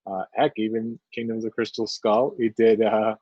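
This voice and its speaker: A man co-hosting a live painting stream, talking casually in halting, joking bursts full of uhs. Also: fairly low pitch, flat delivery, dark tone, no room sound, muffled recording. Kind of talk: casual chat while painting.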